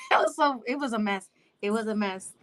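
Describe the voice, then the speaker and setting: A woman in casual boxing talk, animated and swearing freely, acting out angry fans. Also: fairly high pitch, moderate pace. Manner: animated, swearing, laughing often, acts out fans.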